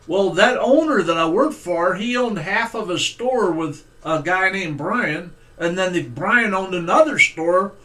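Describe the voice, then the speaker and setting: A middle-aged male preacher telling a personal story in a folksy, conversational sermon, with fillers and pauses. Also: sits high, expressive, sharp tone.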